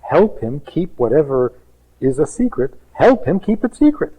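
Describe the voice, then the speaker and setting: A man's voice: a little high, sing-song, moderate pace, mellow, breathy edge, poor audio. A man, a rabbi, giving an emphatic teaching talk full of rhetorical questions and acted-out quotes.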